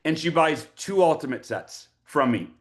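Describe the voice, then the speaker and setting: A man in his forties telling an energetic story to an audience, repeating himself when excited. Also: a little high, normal speed. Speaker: motivational speaker.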